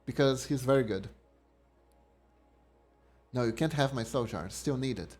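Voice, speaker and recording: A man's voice: medium pitch, measured pace, darkish tone, husky. A young man streaming a game, musing to himself and reading the game text aloud. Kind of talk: casual game commentary. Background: faint game music.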